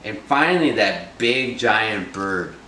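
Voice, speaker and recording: A man's voice: lowish voice, lively intonation, takes it slowly, sharp tone, roomy sound, recorded from a distance, a little hiss or hum, low-quality recording. A man telling a folk tale in a loose, chatty way, full of fillers. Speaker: storyteller. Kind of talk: casual storytelling of a folk tale.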